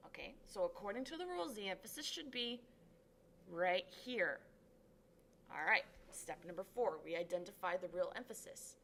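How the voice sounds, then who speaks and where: A woman's voice: mid-range voice, lively intonation, normal speed, fairly bright tone, slight background noise. A woman tutor giving a lesson, upbeat and encouraging, stretching out syllables dramatically to show stress. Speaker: Spanish tutor. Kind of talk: classroom lesson.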